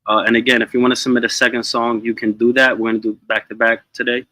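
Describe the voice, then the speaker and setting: A man runs a live music review stream, talking straight to his chat in a loose, relaxed way. His voice is bright and forward. The sound is dry and close, with no room echo. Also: medium pitch, quick pace. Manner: relaxed, addresses chat directly. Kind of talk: casual livestream talk.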